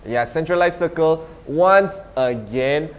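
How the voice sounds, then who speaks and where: A man casting an esports match live, giving steady, analytical play-by-play. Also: on the high side, takes it slowly. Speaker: esports caster. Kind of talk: live game commentary.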